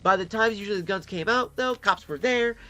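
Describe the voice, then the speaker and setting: The audio is dull, but the man's high, sharp voice comes through at a brisk clip. He's a vlogger from Detroit, Michigan, spinning a casual storytelling monologue full of profanity and acted-out voices of the people he's quoting.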